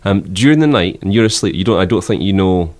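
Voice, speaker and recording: A man's voice: low voice, expressive, quick pace, darkish tone. A man interviewing a guest in a mock-earnest comic radio show, asking earnest, leading questions.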